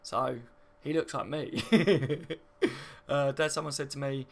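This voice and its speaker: On his live football stream, a Kent man speaks slowly in a medium-pitched voice with fairly even intonation. He chats matily with viewers as he reads the chat and reacts to the match, often laughing and calling them mate.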